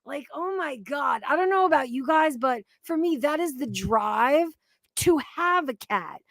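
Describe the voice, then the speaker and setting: Woman streamer chatting slow, swears a lot, rambles, dry close mic. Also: high-pitched, animated, a bit bright, no room sound. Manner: emphatic, profane, rambling. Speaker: livestream commentary host. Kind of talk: casual profane livestream commentary.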